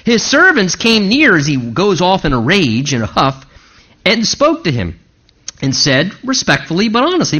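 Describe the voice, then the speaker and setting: A man preaching a sermon in an animated way, now and then acting out indignant voices. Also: high-pitched, normal speed, breathy edge, lo-fi sound. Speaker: pastor.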